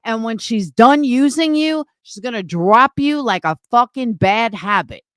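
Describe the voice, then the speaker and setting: A woman's voice: on the high side, animated, a little slow, fairly bright tone, smooth, dry recording. A woman streamer delivering an angry, profane, confrontational rant on a livestream.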